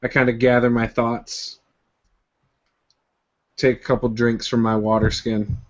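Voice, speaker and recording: A man playing a tabletop game, describing his character's actions in a relaxed, conversational way. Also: mid-range voice, a little slow, muffled recording. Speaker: player.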